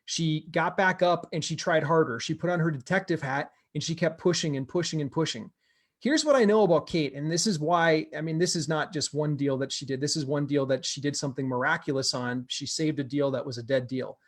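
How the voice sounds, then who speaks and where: Guy w a fairly high voice hyping up a member's deal story, keeps repeating stuff for emphasis. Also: brisk. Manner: energetic, repeats words for emphasis. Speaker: host of a real estate investing group. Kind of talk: motivational storytelling to camera.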